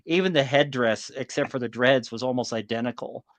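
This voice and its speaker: Mid-pitched guy, halting podcast chat, lots of filler, dry sound. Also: no echo. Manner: hesitant, filler-heavy. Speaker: podcast co-host. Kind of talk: casual chat.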